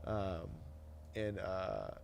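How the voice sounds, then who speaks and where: Low gravelly young man telling his story. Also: very slow, slight background noise. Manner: animated, emotional storytelling with frequent "dude" and "like". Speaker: podcast guest. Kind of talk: casual conversational testimony.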